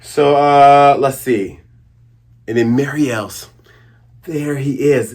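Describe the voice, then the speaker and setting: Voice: medium pitch, slow pace, pauses often, darkish tone. A manga reviewer casually recapping a chapter in a playful way, with sound effects and jokes. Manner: self-interrupting and joking.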